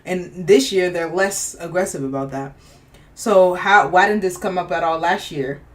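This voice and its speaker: A woman co-hosting a casual podcast chat, animated and laughing, acting out the people she talks about. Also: on the low side, normal speed, distant mic. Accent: Boston. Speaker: podcast co-host.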